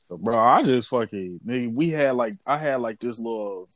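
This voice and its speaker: A man telling a story in casual chat, lively and animated, acting out quotes. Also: medium pitch, normal speed.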